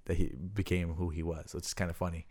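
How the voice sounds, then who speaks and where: A man co-hosting a casual podcast, swearing a lot, laughing often and telling animated stories. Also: deep voice, fast talker. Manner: profane, laughing, animated storytelling. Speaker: podcast co-host.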